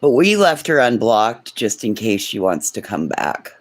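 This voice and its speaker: A man's voice: on the low side, big pitch swings, measured pace, dry recording. A man hosting a casual morning livestream chat. He talks sarcastically, swears, and drops into whispered asides. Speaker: livestream host.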